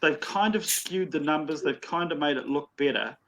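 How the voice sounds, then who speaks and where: A man's voice: fairly high pitch, animated, moderate pace, gravelly, a bit bright, slight background noise, poor audio. A man, a guest on a casual livestream interview over a video call, explaining things in a careful, analytical way. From New Zealand. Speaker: guest, comic store owner.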